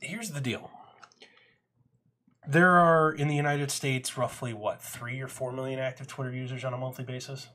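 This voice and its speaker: A man co-hosting a sports talk show, debating bluntly and cutting in with quick quips. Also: medium pitch, fairly even intonation, bright, forceful tone. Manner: blunt, argumentative, cuts in with quips. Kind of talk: casual debate.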